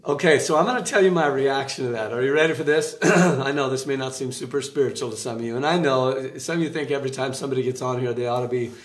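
A man giving a casual devotional talk from a room in his home, chatty and animated, with asides and laughter. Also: medium pitch, fast, roomy sound. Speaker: preacher giving an online devotional. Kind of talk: casual preaching to camera.

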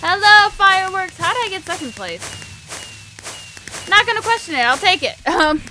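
A young woman hosting a game video, loudly and excitably talking to herself as she builds. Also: very high-pitched, normal speed. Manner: excitable, loud, talks to herself while building. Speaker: gaming video host. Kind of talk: casual game commentary.

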